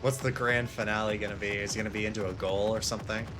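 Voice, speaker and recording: A man's voice: fairly low pitch, level tone, quick pace, over music. A young man giving amused, chatty commentary while playing a game. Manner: chatty, amused, laughing asides. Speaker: let's play gamer.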